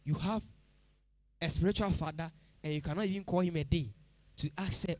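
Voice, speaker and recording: Emphatic Ghanaian preacher, high voice. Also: male voice, normal speed, pauses often, a little mellow, no echo. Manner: emphatic, repeats phrases, questions the congregation directly. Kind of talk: midweek church sermon. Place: church service.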